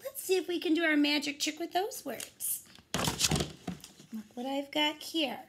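A woman's voice: high voice, a little slow, pauses often, a bit bright. A woman teacher reading a picture book aloud and teaching rhymes to young children, talking straight to them in an encouraging way. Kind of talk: read-aloud phonics lesson for young children.

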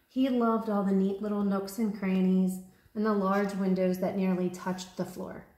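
A woman teacher reading a children's picture book aloud, with animated storytelling. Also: medium pitch, echoey room. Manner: animated storytelling, lifting her voice for the children's cries. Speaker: kindergarten teacher.

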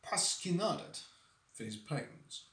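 A man reads a classic story aloud on a live stream, his voice a bit high and full of movement. He reads expressively and now and then trips over a difficult word. The recording has a roomy echo. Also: slow pace. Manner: expressive reading, stumbles over hard words.

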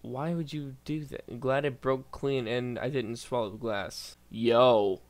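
A man's voice: mid-range voice, a little slow. A man doing casual reaction commentary as a YouTuber, reading posts aloud, stumbling over words and bursting out in disbelief.

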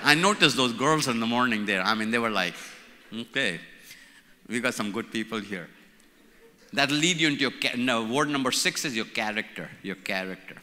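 Bright-voiced older Indian man in a hall. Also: medium pitch, lively intonation, fairly quick, hardly any pauses. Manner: playful, repeats key words for emphasis. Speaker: conference speaker. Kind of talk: church leadership conference talk. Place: large conference hall. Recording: reverberant hall.

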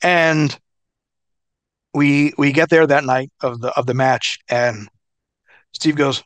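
Speaking slowly and pausing often, a middle-aged man who used to wrestle professionally swaps stories in a relaxed interview. He's profane and animated, laughing through his tales, in a medium-pitched voice recorded dry.

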